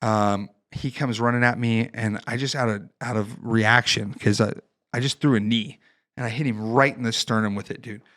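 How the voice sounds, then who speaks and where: A man from northern Ohio, a Marine veteran guest on a podcast, telling a wild story in a casual, profane, animated way with laughs. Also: medium pitch, moderate pace. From northern Ohio, United States.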